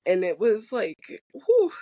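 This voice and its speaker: A woman's voice: mid-range voice, measured pace, no echo, rough recording. A woman as a podcast guest in casual chat, talking candidly with lots of fillers and restarts, swearing freely and joking as she goes. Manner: rambling with many fillers and restarts.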